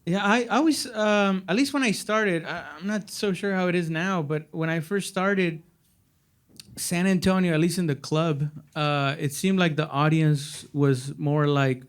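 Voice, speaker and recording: A man's voice: fairly high pitch, unhurried, a bit bright, clear, resonant tone. A male comedian on a panel, telling self-deprecating stories in a laid-back way. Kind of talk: panel discussion.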